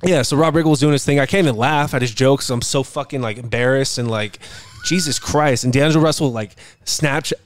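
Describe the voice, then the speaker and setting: A man's voice: mid-range voice, brisk. A young man co-hosting a podcast, telling an anecdote in laid-back, profane casual chat. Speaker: podcast co-host, son.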